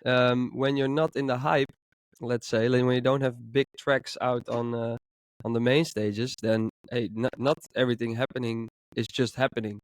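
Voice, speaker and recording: Hoarse-sounding male podcast co-host. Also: mid-range voice, normal speed. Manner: relaxed, rambling with many fillers. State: hoarse with a cold. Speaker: podcast co-host, music producer. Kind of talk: casual podcast chat.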